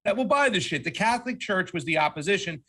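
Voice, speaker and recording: Male co-host, bright forceful voice, heated profane commentary. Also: high-pitched, lively intonation, fast, husky. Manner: heated, profane, says "fam" often. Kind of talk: casual political commentary.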